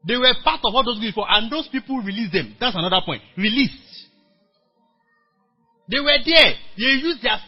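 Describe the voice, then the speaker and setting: A Nigerian man preaching a sermon as pastor to a workers meeting, telling a story with animated acted-out dialogue and calling on the congregation to respond. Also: extremely high pitch, normal speed, slightly rough, faint music behind. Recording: dull lo-fi church recording.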